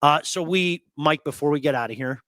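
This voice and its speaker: A man hosting a sports talk show, telling stories in an emphatic, animated way and repeating words for effect. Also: a little high, fairly quick, a little hiss or hum. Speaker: sports radio host.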